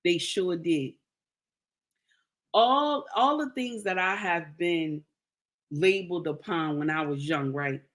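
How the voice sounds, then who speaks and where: A woman's voice: fairly low pitch, takes it slowly, pauses often. A woman giving casual, preachy commentary, addressing listeners as her sisters and repeating key lines for emphasis. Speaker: social commentator.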